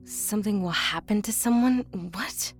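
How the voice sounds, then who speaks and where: A woman's voice: mid-range voice, normal speed, soft background music, lightly acted. An actress playing a skeptical, blunt young woman in an audio drama, impatient and mocking. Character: skeptical, brash young woman, older sister.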